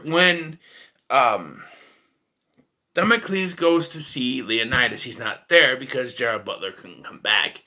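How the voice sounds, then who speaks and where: A film reviewer rants casually about a movie in a bright, forceful, mid-range voice. He's profane and sarcastic, breaking into mocking voices.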